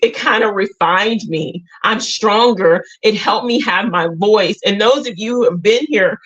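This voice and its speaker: A woman's voice: medium pitch, a little slow, fairly bright tone, highs cut off. A middle-aged woman hosting a casual livestream. She talks straight to her viewers, earnest and emotional. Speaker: livestream host.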